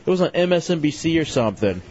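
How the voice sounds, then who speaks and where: A man's voice: a little high, very animated, fast, a little mellow. A man hosting a late-night call-in radio show, brash and joking with callers, calling them brother. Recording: muffled radio broadcast with faint music.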